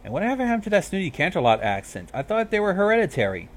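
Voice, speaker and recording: A man's voice: sits high, big pitch swings, very fast, pitched above the performer's own voice. A man voicing a posh, prim young mare musician who talks in a huffy, proper way.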